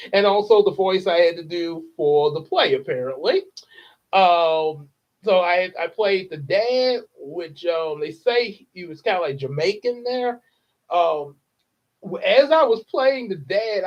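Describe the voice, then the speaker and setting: A man hosting a channel update, chatting casually and rambling with lots of fillers. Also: sits high. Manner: rambling, many fillers and laughs. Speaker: channel host and actor. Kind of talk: casual chat. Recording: dull lo-fi sound.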